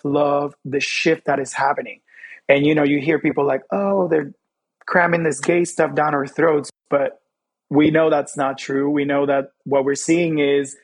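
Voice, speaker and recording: A young adult man with a husky, slightly raised voice, sharing candid personal stories as an interview guest. He talks in quick, animated bursts. He often slips into playful voices for the people he quotes. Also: fairly high pitch.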